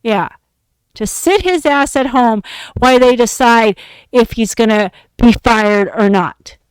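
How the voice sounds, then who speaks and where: A woman's voice: on the high side, unhurried, smooth, no room sound. A young adult woman hosting a podcast, telling a story in an exasperated, profane, emphatic rant. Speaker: podcast host.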